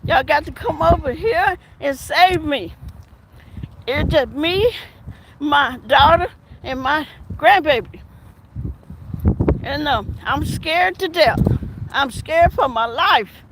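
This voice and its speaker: A woman's voice: high-pitched, expressive, takes it slowly, pauses often, background noise, exaggerated voice. A woman voicing a frantic elderly woman who pleads dramatically to be rescued, her voice quavering and teary. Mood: pleading.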